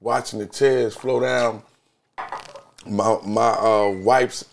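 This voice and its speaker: A man's voice: mid-range voice, fairly even intonation, slow, gravelly, slight background noise. A man, telling his personal story candidly and reflectively as a podcast guest.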